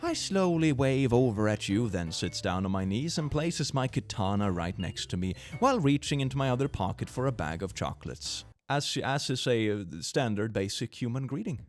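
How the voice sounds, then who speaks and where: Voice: medium pitch, big pitch swings, normal speed, hardly any pauses, soft background music. A comedic commentator reading awful messages aloud in mock-dramatic, sarcastic voices.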